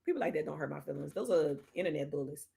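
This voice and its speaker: A woman's voice: deep voice, animated, fast, gravelly, warm tone, breathy edge. A woman hosting a casual political livestream, reading viewer chat and answering it bluntly with slangy sass. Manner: sassy and blunt, slangy talk with "child", "honey", "okay?". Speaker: host of a live political talk stream.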